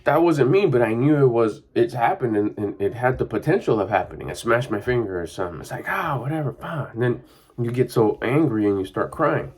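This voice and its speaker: A man's voice: medium pitch, animated, brisk, darkish tone. A middle-aged man, a mindset coach, talking in a rambling, casual monologue full of fillers. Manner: rambling and conversational, with frequent fillers.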